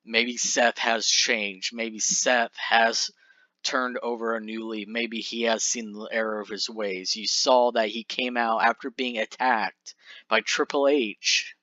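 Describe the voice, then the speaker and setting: Man doing a level-headed wrestler smoothing things over, bright tone, dry and muffled. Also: medium pitch, flat delivery, slow, no room sound. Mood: placating. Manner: reasoning, placating. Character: calm male wrestler soothing his upset partner.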